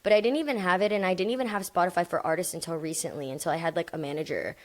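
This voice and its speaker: A young woman with a slightly lower voice talks as a guest on a podcast. Her delivery is loose and slangy, full of likes and dudes and casual swearing. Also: very fast. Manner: slangy, swears freely, says dude and like a lot. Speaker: guest musician.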